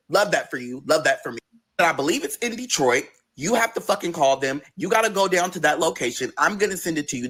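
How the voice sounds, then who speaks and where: A man's voice: high-pitched, pushed and bright, husky. A man telling a personal story in a casual, profane and dramatic way, acting out the dialogue as he goes.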